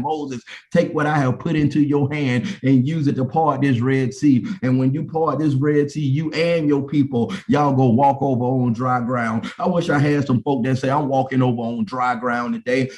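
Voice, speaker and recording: Pastor, male, mid-pitched voice, sermon delivery with a repeating, pleading cadence. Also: a little mellow. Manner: repetitive preaching cadence, rising to an impassioned plea.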